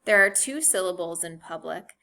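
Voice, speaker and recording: A woman teacher giving a recorded phonics lesson, speaking clearly and spelling words out letter by letter. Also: fairly low pitch, lively intonation, moderate pace, pushed and bright.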